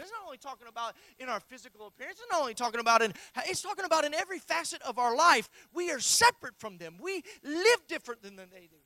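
A man preaching a sermon in an emphatic, repetitive style with folksy phrasing, swinging between loud and soft. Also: extremely high pitch, very animated, fast, hardly any pauses. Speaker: pastor.

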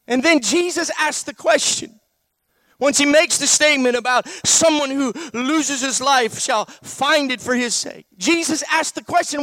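A man's voice: extremely high pitch, unhurried, sharp tone, no room sound. A man preaching a sermon, posing one rhetorical question after another to his congregation.

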